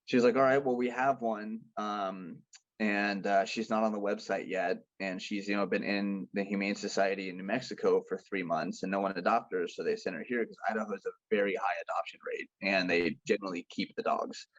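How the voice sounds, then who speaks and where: A young man tells stories in a casual, animated way, with plenty of swearing, and acts out the voices of the people he quotes. His voice sits fairly low. The sound is dull and lo-fi, like a video call, with no room echo. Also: a little fast. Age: young adult. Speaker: podcast guest. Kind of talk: casual storytelling chat.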